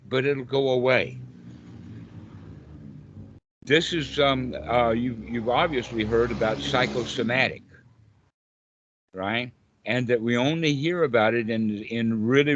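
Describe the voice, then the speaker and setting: An older man speaks as a meditation teacher in an informal talk, calm and unhurried. His tone stays reassuring throughout. The recording sounds a little dull and lo-fi. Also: medium pitch.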